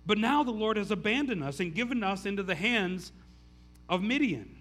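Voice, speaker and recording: Guy preaching, kinda high voice, chatty, keeps restarting words. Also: animated, normal speed, a bit bright. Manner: casual, stammering restarts, frequent "like". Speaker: pastor. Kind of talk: conversational sermon.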